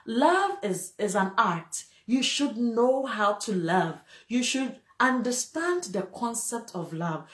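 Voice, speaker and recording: A woman's voice: fairly high pitch, big pitch swings, slow, hardly any pauses. A woman hosting a casual live-stream talk, speaking emotionally and preachily and laughing often. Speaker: host. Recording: echoey room.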